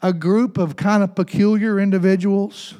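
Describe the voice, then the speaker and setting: A pastor preaching a Pentecostal sermon, calling to the congregation with repeated "hello" and "amen" and building to shouts. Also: male voice, high-pitched, steady tone, normal speed, clean tone.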